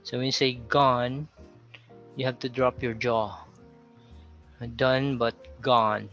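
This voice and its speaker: Slow, flat-voiced Filipino pronunciation teacher. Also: male voice, mid-range voice, muffled recording, faint music behind. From Philippines. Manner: slow, explanatory, repeating words as examples.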